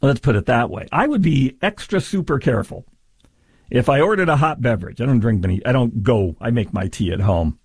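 A man's voice: mid-range voice, lively intonation, brisk, husky, no echo. Snarky guy ranting about the news, voice bouncing all over, dry close sound. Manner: sarcastic, mocking, exaggerated delivery. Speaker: commentary host. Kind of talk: sarcastic news commentary.

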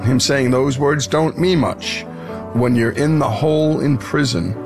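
A male radio host delivers a scripted outro in an even, measured broadcast manner. A clear music bed plays beneath his voice. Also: mid-range voice.

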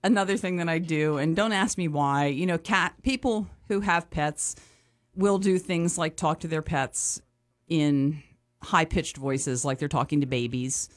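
A woman's voice: sits low, measured pace. A woman chatting casually on a morning radio show, laughing often and speaking enthusiastically at a studio microphone. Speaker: animal shelter representative and radio co-host.

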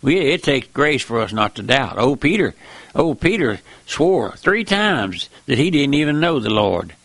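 A preacher man delivers a fiery sermon, his pitch leaping all over. He speaks slowly and deliberately in a bright, ringing voice. He swings between hushed murmurs and high, emotional cries. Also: big pitch swings, creaky. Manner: repeats "my friend" and "listen".

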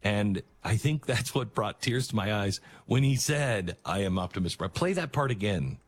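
A male talk show host giving an earnest, emphatic monologue with halting restarts. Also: fairly low pitch, animated.

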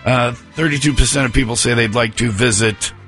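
A man's voice: mid-range voice, brisk, a bit bright, faint music behind. A man co-hosting a morning radio show, joking around while he runs a guessing quiz. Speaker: radio co-host. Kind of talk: casual morning radio banter.

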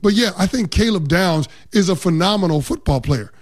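A high-voiced man co-hosting a sports talk show as its football analyst. He breaks things down with confidence, dropping "like" often as he goes. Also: lively intonation, moderate pace. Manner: confident, explanatory, uses "like" often.

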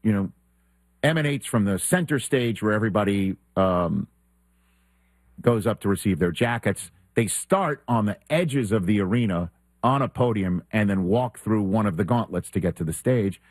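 Husky sports radio host telling stories. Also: male voice, on the low side, normal speed, no room sound. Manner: animated storyteller who acts out quoted exchanges. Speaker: sports talk show host. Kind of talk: casual anecdote telling.

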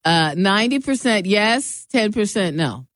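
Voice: medium pitch, sing-song, unhurried, a bit bright, no echo, studio quality. A radio co-host who keeps affirming the host and chats casually, reading poll results. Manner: affirming, chiming in often.

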